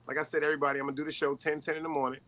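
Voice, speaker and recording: A man hosting a live stream show, chatting casually and hyping up his guests as he shouts them out. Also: fairly high pitch, flat delivery, racing. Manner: hyped, shouts people out. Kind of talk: casual chat.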